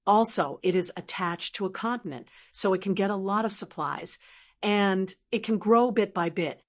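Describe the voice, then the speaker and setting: A woman voicing a confident male martial sect elder in an audiobook, speaking in a measured, explanatory way. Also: medium pitch, close to an everyday voice.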